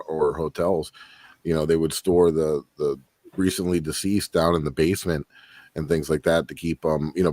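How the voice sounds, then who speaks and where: Guy co-hosting, really low voice, dry sound, rambles with lots of like. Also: a little mellow, no room sound. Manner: rambling with many likes and restarts. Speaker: radio show co-host. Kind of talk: casual chat.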